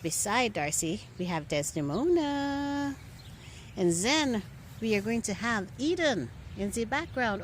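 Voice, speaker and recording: A woman filming a casual walkthrough of her rose garden, talking straight to her viewers and gushing with excitement over each plant. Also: mid-range voice, a little hiss or hum. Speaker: garden vlogger. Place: outdoor garden.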